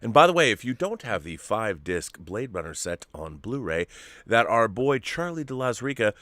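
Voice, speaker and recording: A man with a low, forceful, bright voice, co-hosting a casual live stream. He talks in an animated, emphatic way and swears freely. The sound is dry and close. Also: normal speed, no room sound. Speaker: co-host.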